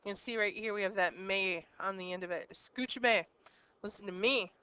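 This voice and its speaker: A woman's voice: medium pitch, brisk, sharp tone, smooth. A woman as a teacher giving a recorded grammar lesson, explaining step by step and quizzing the listener with questions. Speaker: Spanish teacher.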